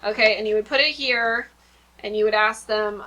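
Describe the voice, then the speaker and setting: A woman's voice: medium pitch, steady tone, a little fast, sharp tone. A woman in her thirties, a homeschooling mom, chatting casually and rambling with many fillers about her kindergarten lessons at home. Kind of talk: casual vlog chat.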